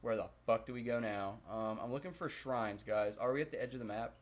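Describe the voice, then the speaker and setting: A young man hosts a gaming video, commenting casually as he plays, chatting with viewers and swearing often. His voice is medium-pitched and brisk.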